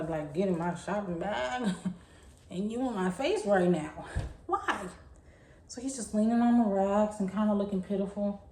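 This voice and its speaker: A young woman, telling a story in a chatty, animated way. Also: medium pitch. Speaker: vlogger. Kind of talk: casual storytime. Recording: echoey room.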